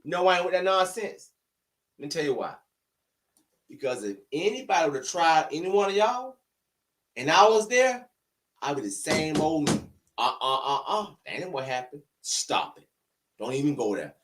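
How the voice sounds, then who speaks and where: Guy going off on camera, high voice jumping all over, arguing and asking the same question again and again. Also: very animated, normal speed, long pauses, a bit bright, distant mic. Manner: argumentative, repeats rhetorical questions. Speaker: online commentator. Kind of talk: heated opinion rant to camera. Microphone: camera-facing recording.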